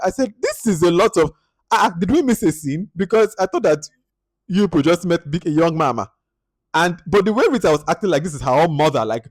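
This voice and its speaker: A man with a Nigerian accent giving a casual spoken film review, animated and exasperated, jumping into high outbursts and dropping to quiet asides. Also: no echo. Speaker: movie reviewer.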